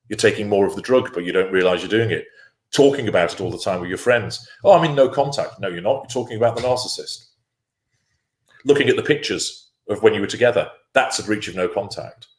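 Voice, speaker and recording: A man's voice: on the low side, fast. A man giving a firm, instructive talk on a live stream, asking himself rhetorical questions and answering them. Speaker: guest speaker on narcissistic abuse.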